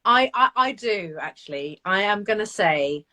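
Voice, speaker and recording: A woman talks on a live video call, animated and quick to laugh. She tells stories that poke fun at herself. Her voice sits at a middling pitch. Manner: animated, laughing, self-deprecating storytelling. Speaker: actress guest. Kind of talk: casual live Q&A chat.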